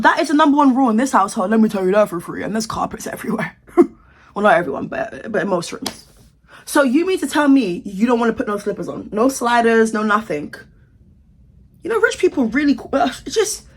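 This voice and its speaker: This commentary vlogger is a young woman from the UK whose voice is a little high and husky. She delivers sassy, outraged celebrity commentary in a casual vlog, reacting in an exaggerated way.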